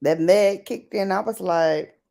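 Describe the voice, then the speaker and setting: A woman's voice: medium pitch, measured pace, gravelly, warm tone. A woman hosting a casual late-night livestream on her laptop mic. She laughs often and greets viewers by name. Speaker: livestream host.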